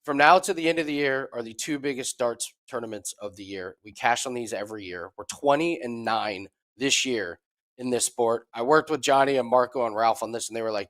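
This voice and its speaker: A man with a mid-pitched voice rattles off his betting specials and prices. His delivery is matter-of-fact, like a practiced salesman. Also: a little fast, fairly bright tone. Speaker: sports betting handicapper. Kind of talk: promotional pitch.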